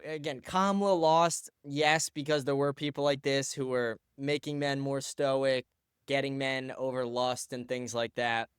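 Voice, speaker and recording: A man's voice: medium pitch, clean tone, no room sound, clean studio sound. A man hosting a commentary show, ranting crudely and profanely over clips. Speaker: host.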